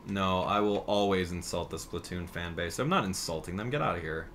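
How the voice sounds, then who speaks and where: A man's voice: deep voice, fairly bright tone, slight background noise. A young man streaming a video game, teasing his chat and commenting casually as he plays. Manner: joking, teasing chat, quick mood swings. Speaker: gaming streamer.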